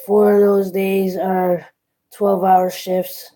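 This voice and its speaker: Sleepy lady on a live stream at her job, yawning, talks real slow, thanks folks as they pop in. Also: mid-range voice, level tone, mellow, poor audio. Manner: drowsy, unhurried, thanks viewers one by one. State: tired and yawning. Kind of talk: casual live-stream chat with viewers. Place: at her workplace.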